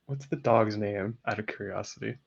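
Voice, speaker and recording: A man's voice: fairly low pitch, normal speed, vocal fry. A man running a tabletop game as game master, prompting the players with easygoing questions. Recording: dull lo-fi mic.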